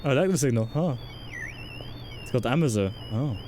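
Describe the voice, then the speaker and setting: A man's voice: mid-range voice, lively intonation, normal speed, dark tone, a little hiss or hum. A man streaming a game in casual commentary, chatty, swearing and joking while talking to his chat.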